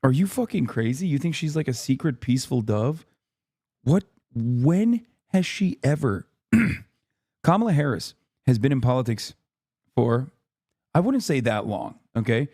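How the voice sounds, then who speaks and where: Profane, heated streamer man, dark voice. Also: mid-range voice, expressive, a little slow, dry recording, studio quality. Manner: profane, exasperated, arguing with chat; tries to keep voice down to not wake neighbor. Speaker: streamer reacting to a speech. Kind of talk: heated live-stream commentary.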